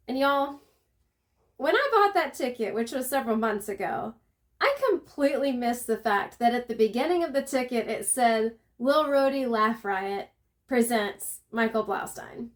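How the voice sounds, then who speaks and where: Southern lady vlogging about a trip, kinda high voice, rambly and chatty, lots of ums. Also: animated, moderate pace. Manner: chatty, rambling, with many fillers and restarts. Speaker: travel vlogger. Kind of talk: casual storytelling.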